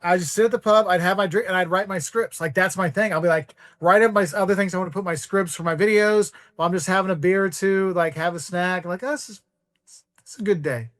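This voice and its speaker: A man's voice: sits high, fairly even intonation, fast talker, hardly any pauses, a bit bright, no room sound, clean studio sound. A man in his forties, a guest on a podcast, rambling through travel stories and acting out voices in quotes. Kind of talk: casual storytelling.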